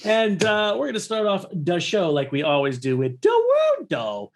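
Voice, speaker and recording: A man's voice: a little high, normal speed. A man co-hosting a casual comedy podcast, joking loosely in banter. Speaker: podcast co-host.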